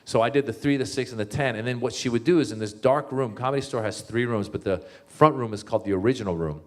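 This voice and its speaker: A male comedian tells a long story to a crowd. His voice sits mid-range, and it leaps up when he acts out his own reactions. He talks loosely, with plenty of restarts and fillers. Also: fast talker. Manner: animated, jumps up in pitch to act out his own thoughts. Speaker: comedian as guest speaker. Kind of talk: storytelling talk.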